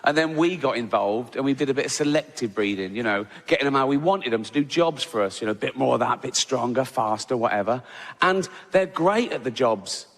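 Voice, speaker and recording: A man's voice: mid-range voice, expressive, a little fast, big-room sound. A man doing a stand-up comedy routine, chatty, full of rambling asides and "you know what I mean".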